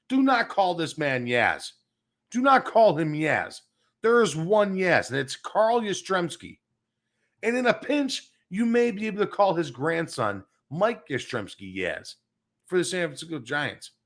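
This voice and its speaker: A man's voice: fairly high pitch, fairly bright tone. A man hosting a sports show, ranting bluntly and crudely with plenty of cursing, smoking as he talks. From Chicago area. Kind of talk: profane sports rant. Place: home studio, smoking while talking.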